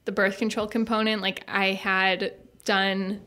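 A woman's voice: mid-range voice, unhurried. A young woman from Minnesota with a Minnesota accent, a podcast guest telling stories in casual chat, full of fillers. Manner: chatty, animated storytelling with many fillers.

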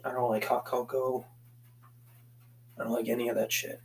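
A man's voice: medium pitch, level tone, moderate pace, low-quality recording. Profane rambling man hosting a podcast. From Boston area, USA. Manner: profane, meandering, swears constantly. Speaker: podcast host. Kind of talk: casual solo podcast rambling. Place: basement, pacing back and forth.

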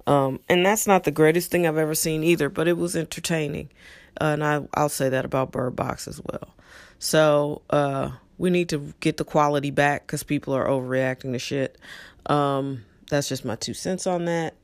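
A middle-aged man hosting his own podcast, talking casually and with opinions, using lots of fillers and asides. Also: a little high. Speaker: podcast host. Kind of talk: casual solo podcast talk.

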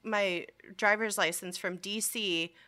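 A young woman chatting casually as a podcast co-host, telling a story in an animated way, swearing freely and acting out what people said. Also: medium pitch, slow, clean tone. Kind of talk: casual chat.

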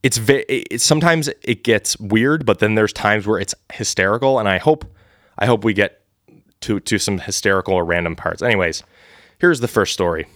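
Man reading a text adventure aloud, low voice, dry close mic, casual. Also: moderate pace, fairly bright tone, dry recording. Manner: casual and laughing, with restarts. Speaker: storyteller and host.

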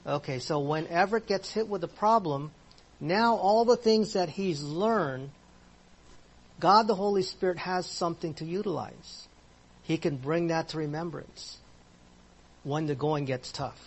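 A man's voice: fairly high pitch, a little slow, husky. A man teaching a Bible class in a conversational way, asking his listeners questions as he explains verses.

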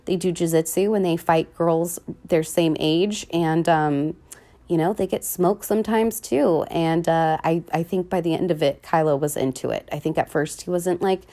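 A woman hosting a podcast, chatting casually and rambling about a film, swearing often and jumping between excited squeals and hushed whispers. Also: on the low side, normal speed. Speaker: podcast host. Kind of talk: casual movie review chat.

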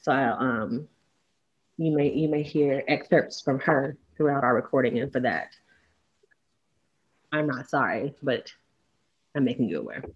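A woman co-hosting a podcast in casual chat, blunt and animated, quick to laugh at herself. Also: a bass voice, highs cut off. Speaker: podcast co-host.

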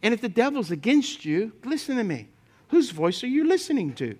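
A man preaching a sermon, telling humorous personal stories to his congregation and swinging between loud emphatic points and quiet asides. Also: very high-pitched, a little fast. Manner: lively storytelling with humor, speaking to the congregation. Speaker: pastor.

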